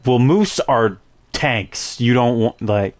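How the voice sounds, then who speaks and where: A man's voice: medium pitch, animated, slow. A man streaming a game, chatting casually with many fillers and restarts. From Canada. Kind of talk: casual gaming chat.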